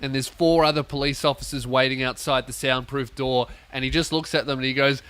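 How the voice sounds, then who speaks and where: A young man hosting a comedy podcast, telling a story as a sweary, animated rant. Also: mid-range voice, fairly quick, smooth. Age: young adult. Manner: swearing, animated, acts out voices.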